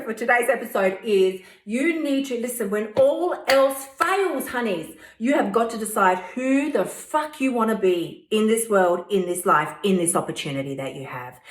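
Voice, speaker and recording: A woman hosting a weight-loss coaching podcast, blunt, profane and fired-up. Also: a little high. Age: 50s. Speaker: host. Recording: roomy echo.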